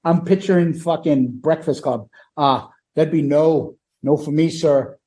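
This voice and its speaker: A man's voice: on the high side, measured pace, dark tone. A man co-hosting a podcast, chatting casually about a live album with blunt, profane remarks. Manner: profane, reads notes with timestamps, mimics stage banter. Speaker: podcast co-host. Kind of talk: casual music review chat.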